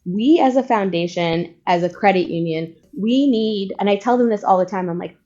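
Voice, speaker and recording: A woman's voice: mid-range voice, normal speed, hardly any pauses, dark tone. A woman from Puerto Rico, a guest on an interview show, speaking earnestly and with conviction in casual chat. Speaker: guest, credit union foundation leader. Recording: dull lo-fi sound.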